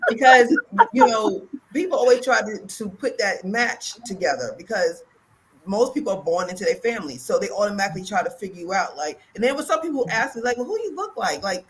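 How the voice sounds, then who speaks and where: Animated woman telling stories. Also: mid-range voice, brisk, rough recording. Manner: animated storyteller, acts out quotes loudly. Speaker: talk show co-host. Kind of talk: casual chat.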